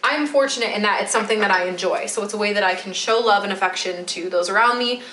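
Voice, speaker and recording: Woman, 20s, from Metro Detroit; relaxed rambling kitchen vlog, filler-heavy, roomy echo. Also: mid-range voice, fast talker, a little hiss or hum. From Metro Detroit, USA. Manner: chatty, rambling with many "like" fillers. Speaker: vlogger. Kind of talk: casual chat while baking. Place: home kitchen.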